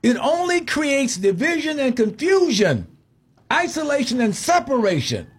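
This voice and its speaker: A man hosting a call-in radio talk show, arguing forcefully and cutting in with repeated objections. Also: very high voice, very animated, a little slow. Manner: forceful, interrupts, repeats himself. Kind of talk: heated call-in debate. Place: radio studio.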